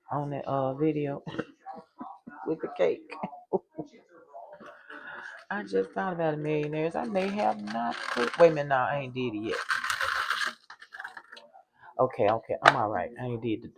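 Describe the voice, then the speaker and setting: A woman's voice: low voice, unhurried, creaky, pauses often, a crowd in the background, poor audio. A middle-aged woman, chatting casually to viewers from her home kitchen, exclaiming and laughing often. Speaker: cooking vlogger.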